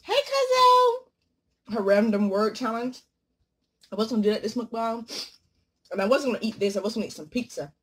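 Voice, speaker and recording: A woman vlogger talking casually while she eats, joking and swinging from loud exclamations to low murmurs. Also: fast, pauses often, slight background noise. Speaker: mukbang vlogger. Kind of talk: casual chat while eating.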